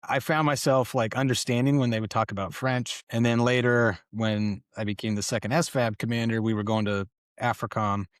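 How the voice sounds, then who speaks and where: A middle-aged man, a podcast guest, telling relaxed, casual stories and swearing now and then. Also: medium pitch, a little fast, smooth, no room sound, studio quality. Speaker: guest, retired Special Forces colonel. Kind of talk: casual conversational storytelling. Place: podcast studio.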